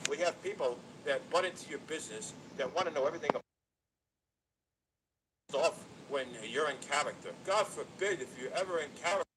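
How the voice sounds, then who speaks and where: Middle-aged guy ranting on a livestream, cursing a lot, slightly high voice, lots of noise behind him. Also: brisk. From New Jersey. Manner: blunt, profane, repetitive. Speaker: YouTuber. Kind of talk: livestream rant to viewers.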